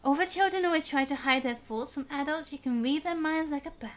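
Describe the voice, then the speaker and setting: A young woman streaming a game, reading its dialogue aloud and chatting, bubbly and quick to laugh at her own slips. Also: sits high, slight background noise. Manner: chatty, bubbly, stumbles on words and laughs at herself. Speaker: gaming streamer. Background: game music.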